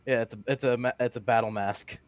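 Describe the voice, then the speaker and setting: A man's voice: mid-range voice, fairly even intonation, fast. A man playing a tabletop game, chatting casually with sarcastic jokes. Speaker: player.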